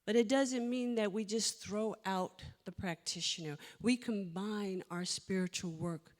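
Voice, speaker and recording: A woman minister giving a sermon, telling a story with emotion and dropping to soft whispers at times. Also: mid-range voice, measured pace. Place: church sanctuary. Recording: long hall reverb.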